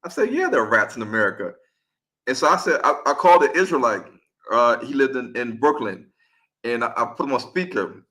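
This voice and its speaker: A man talking as the guest on a podcast, an animated storyteller whose voice swings up and down. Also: medium pitch, fairly quick. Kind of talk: casual podcast conversation.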